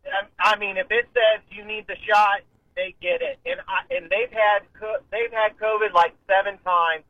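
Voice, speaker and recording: A chatty man calls in to a radio show and tells his story, voicing each side of the argument himself. His voice sits fairly high. The line is muffled and dull. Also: very animated, moderate pace, no room sound. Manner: chatty, retells arguments with quoted dialogue. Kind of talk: casual call-in storytelling.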